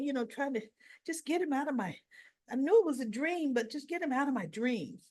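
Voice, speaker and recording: A woman casually recapping a soap opera episode, retelling scenes with quoted lines, her voice a little rough. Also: high voice, expressive. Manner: slow, chatty retelling with quoted dialogue. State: slightly rough voice after choking.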